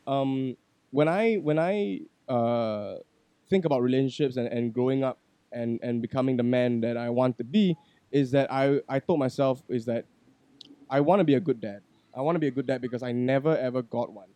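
A man speaks in on a podcast, blunt and liberal with swear words. He drops to quiet reflection, then gets loud and animated as he tells his story. The sound is close and dry. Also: mid-range voice, fairly quick, dry recording. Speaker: podcast guest. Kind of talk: casual podcast chat.

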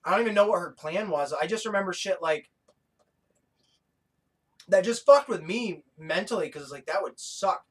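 A man co-hosting a podcast in casual chat, talking in a rambling, excitable way with plenty of swearing. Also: high-pitched, moderate pace, pauses often, husky, poor audio. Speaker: podcast co-host.

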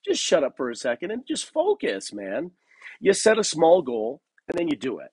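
A man's voice: a little high, big pitch swings, brisk, darkish tone, slightly rough, no echo. A man hosting his own podcast, rambling and swearing in a casual solo rant full of "man" and "dude", with a cough now and then. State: has a cough. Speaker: podcast host.

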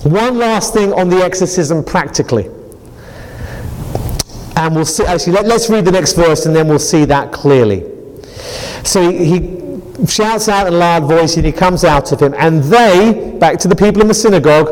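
A man preaching a sermon as pastor, animated and acting out scenes. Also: high-pitched, normal speed, in a large hall, rough recording. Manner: animated, acts out scenes with laughter.

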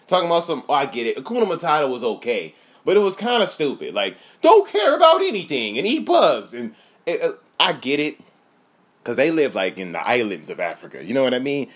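A man in his thirties delivering a profane, comedic rant with laughing asides. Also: medium pitch. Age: 30s. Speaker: comedian host.

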